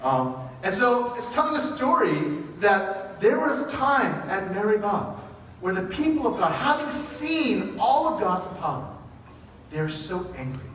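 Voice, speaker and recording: Male pastor, sermon delivery, high and animated, heard from afar in a reverberant church. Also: a little slow, slight background noise. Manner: animated storytelling with quoted dialogue. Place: church sanctuary. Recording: echoey church hall from a distant mic.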